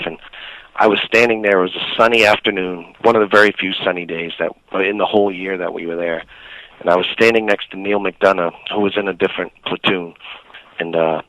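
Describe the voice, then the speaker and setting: Male actor, deep voice, dry close mic, halting reminiscing. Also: a bit bright, dry recording, muffled recording. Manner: hesitant, many fillers and restarts. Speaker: actor guest. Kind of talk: reflective interview storytelling.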